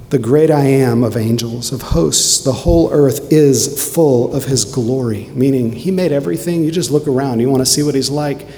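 A man's voice: mid-range voice, moderate pace, hardly any pauses, dark tone. A man preaching a sermon, fervent and emphatic, driving points home with dramatic repetition. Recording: long hall reverb, faint noise.

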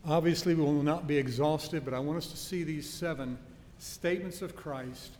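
A man with a slightly higher voice delivers an earnest teaching sermon and leans hard on key words. His voice rings through a church hall with a long reverb, and a faint low rumble sits underneath. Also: moderate pace, a little mellow. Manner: earnest teaching with emphatic stresses and homely anecdotes. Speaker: preacher. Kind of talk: expository sermon.

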